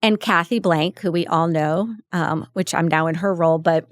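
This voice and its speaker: A woman's voice: fairly low pitch, normal speed, no room sound, studio quality. A middle-aged woman from New Hampshire, a podcast guest, chatting enthusiastically in a casual interview. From southern New Hampshire, US. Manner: enthusiastic, talkative, restarts sentences. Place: podcast studio.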